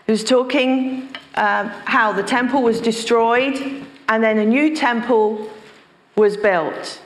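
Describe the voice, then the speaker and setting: A woman's voice: a little high, steady tone, takes it slowly, roomy sound. A woman pastor preaching a sermon, speaking emphatically and repeating phrases for stress.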